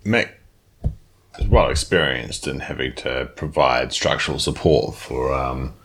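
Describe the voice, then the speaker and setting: Very deep-voiced male player. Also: measured pace, fairly bright tone. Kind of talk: playing a tabletop game.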